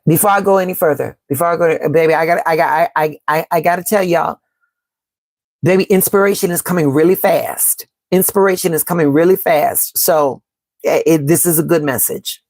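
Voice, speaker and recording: A woman's voice: deep voice, brisk, darkish tone, dry recording. Emphatic woman hosting a live tarot reading. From Chicago. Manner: emphatic and repetitive, calling viewers "baby" and "y'all"; reads out and answers the live chat. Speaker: tarot reader and astrology host.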